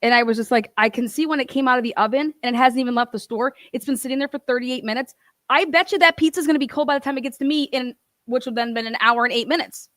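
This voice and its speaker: Heated young woman, storytime rant, lots of swearing, dry high voice. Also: fast, a bit bright, dry recording. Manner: profane, heated ranting with laughs. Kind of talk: ranting storytime.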